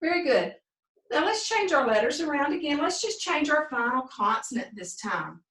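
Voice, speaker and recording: A woman teacher walks young children through a phonics lesson, drawing out each sound and lifting her voice brightly on the answers. Her voice is high and very lively. She sits a little away from the mic in a roomy, echoing space. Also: far from the mic. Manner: slow, drawn-out sounding out of words; sing-song, encouraging teacher talk. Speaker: second grade teacher.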